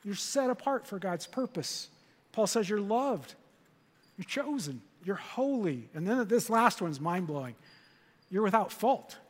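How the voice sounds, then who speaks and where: High-voiced older pastor in a reverberant hall. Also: male voice, measured pace, husky. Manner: animated, storytelling with congregation call-and-response. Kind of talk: sermon. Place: church auditorium.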